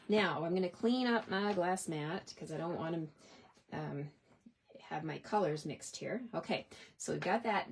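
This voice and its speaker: A woman's voice: lowish voice, a little mellow, slight background noise. A woman chatting her way through a card-stamping tutorial, upbeat and easygoing, narrating each step as she works. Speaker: stamping and card-making demonstrator. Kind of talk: casual craft tutorial.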